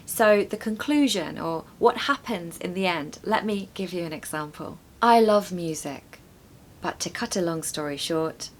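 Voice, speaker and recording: A young woman teaching idioms in a chatty, lively way, laughing now and then and slowing down to model pronunciation. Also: mid-range voice, slight background noise. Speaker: English teacher. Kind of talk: online English lesson on idioms.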